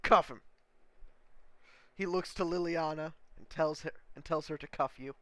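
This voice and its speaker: A man narrating a tabletop game as game master, easygoing and quick to laugh at his own slips. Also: fairly high pitch, fairly even intonation, no echo.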